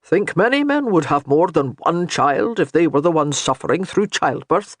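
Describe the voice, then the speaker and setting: A man reading as a kindly old Highland priest who reassures with light humor. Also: lively intonation, normal speed, no echo, clean studio sound. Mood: reassuring.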